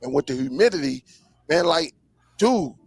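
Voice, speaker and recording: A man hosts a casual live-stream chat, his fairly high voice swinging up and down as he tells stories. There is a gravelly edge to it. The sound is dry and close. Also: dry recording. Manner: lively storyteller, drawn-out emphasis, frequent laughs. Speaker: host.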